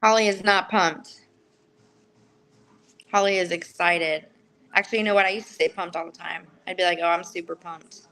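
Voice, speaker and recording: A woman's voice: lowish voice, steady tone, normal speed, pauses often, a bit bright, poor audio. A woman co-hosting a casual livestream sports chat, chatty and easygoing.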